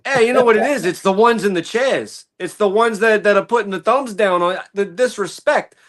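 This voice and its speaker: A man's voice: high voice, normal speed, fairly bright tone. A man guesting on a wrestling podcast, talking in a brash, cocky and playful way. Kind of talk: casual podcast chat.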